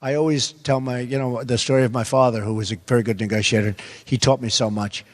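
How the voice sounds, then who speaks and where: A man's voice: medium pitch, steady tone, quick pace. An older man in his seventies, a presidential candidate speaking off the cuff at a roundtable, emphatic and repeating short phrases. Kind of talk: unscripted roundtable remarks to an audience. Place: large indoor theater. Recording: long hall reverb, faint crowd.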